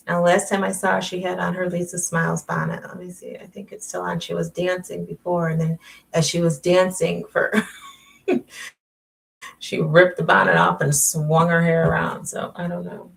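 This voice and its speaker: A middle-aged woman talks on a casual home live stream. She is chatty and self-mocking, with a low voice and a gravelly edge. The mic sits some way off from her, so she sounds distant. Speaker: life coach and author. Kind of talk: casual live-stream chat and book reading. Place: at home at night.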